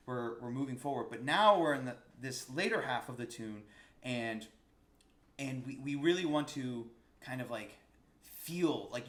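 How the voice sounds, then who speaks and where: A man's voice: medium pitch, a bit bright, reverberant. A man teaching a casual music lesson, enthusiastic and searching for words with frequent restarts. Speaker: saxophone teacher.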